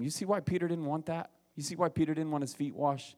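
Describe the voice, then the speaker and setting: A young adult pastor preaching a casual, conversational sermon full of rhetorical questions, rising in voice for emphasis. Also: male voice, on the high side, steady tone, quick pace, hardly any pauses, a little mellow.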